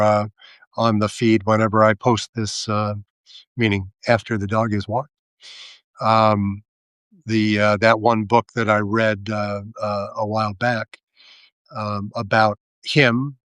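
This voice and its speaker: A man hosting a live video, delivering a sardonic, halting political monologue full of fillers and restarts. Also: lowish voice, fairly bright tone, no room sound. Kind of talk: casual political commentary monologue.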